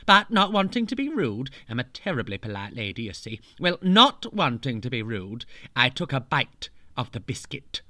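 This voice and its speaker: A man's voice: medium pitch, sing-song, normal speed, hardly any pauses, pushed and bright, no room sound, studio quality. A man narrating a storybook tale in a camp, playful, mock-grand way, full of cheeky asides.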